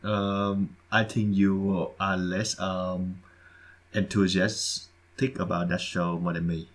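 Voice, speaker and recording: Man, podcast co-host, deep voice, halting and repetitive delivery. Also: level tone. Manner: hesitant, repeats words, halting phrasing. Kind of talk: casual podcast chat.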